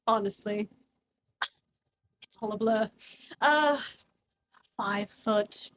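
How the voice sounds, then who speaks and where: Tipsy callous noble rake, a woman doing the voice, drawling, offhand, unhurried, in a game session. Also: mid-range voice, fairly bright tone, slight background noise.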